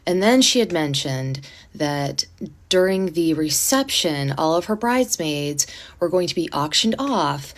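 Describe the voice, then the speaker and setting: A woman with a slightly low voice recounts a storytime from home. She tells it in a casual, indignant way, acting out the others' lines in an animated manner. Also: unhurried. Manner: animated, indignant retelling with acted-out quotes; speaking quietly to avoid disturbing a neighbor.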